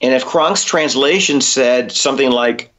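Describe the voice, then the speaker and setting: A man's voice: mid-range voice, unhurried, fairly bright tone. A man, a voice actor, telling a story in a podcast interview and acting out the dialogue he quotes. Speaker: voice actor guest.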